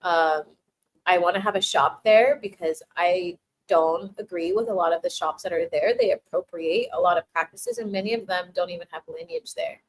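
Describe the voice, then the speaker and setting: This livestream host has a fairly low-pitched voice and talks at a normal speed while chatting casually with her audience. She reads messages out loud, thanks viewers warmly, laughs a lot, and stumbles through many restarts and fillers. The rough recording carries a little hiss or hum.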